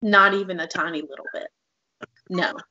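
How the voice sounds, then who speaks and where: A woman's voice: fairly low pitch, moderate pace, sharp tone. A woman co-hosting a podcast, talking about her feelings in a raw, open and emotionally frank way. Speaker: podcast co-host. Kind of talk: candid conversational podcast talk. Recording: dull lo-fi audio.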